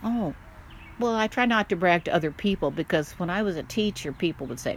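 An older woman talks in a casual chat, her voice a little low and warm-toned, full of laughter and lively storytelling. A faint hiss sits under her voice. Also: brisk. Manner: chatty, laughs often, animated storytelling. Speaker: guest, mother.

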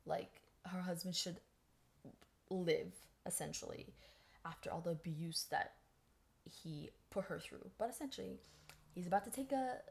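A woman's voice: on the low side, measured pace, vocal fry, pauses often. Chatty woman telling a story. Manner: chatty, animated, acts out quoted voices. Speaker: podcast host. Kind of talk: casual storytelling.

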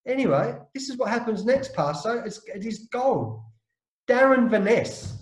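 A man from Australia, a former cricketer, telling a lively, emphatic anecdote as a podcast guest. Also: very high-pitched, moderate pace. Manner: lively, emphatic storyteller, slangy. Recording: roomy echo.

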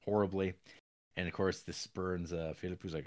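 A man with a very low voice talks through a film's plot in a loose, rambling podcast chat. He keeps slipping into quick acted-out quotes between fillers. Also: steady tone, a little mellow. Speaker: podcast co-host. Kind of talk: casual film discussion.

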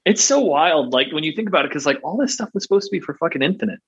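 A man's voice: fairly high pitch, expressive, very fast, highs cut off, a little hiss or hum. A man co-hosting a casual game podcast, teasing dryly and dropping many short backchannels. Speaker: podcast co-host. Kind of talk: casual chat.

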